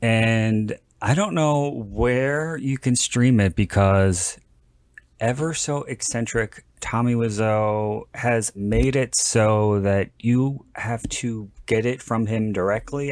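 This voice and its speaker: A man's voice: lowish voice, slow, darkish tone, no room sound. A man hosting a podcast in casual chat, rambling and joking, often stopping to restart his sentences. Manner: rambling, self-interrupting, jokey. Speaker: podcast host.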